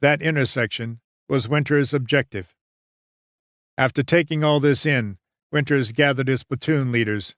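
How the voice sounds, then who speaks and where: Brief: male audiobook narrator, mid-pitch, measured and dramatic, dry studio sound. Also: a bit bright, no echo. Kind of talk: scripted narration.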